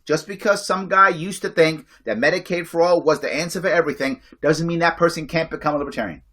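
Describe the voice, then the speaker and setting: A man's voice: fairly high pitch, pushed and bright. A man hosting a livestream, giving an impassioned pep talk to his audience, emphatic and repetitive, pleading with them. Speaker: livestream host.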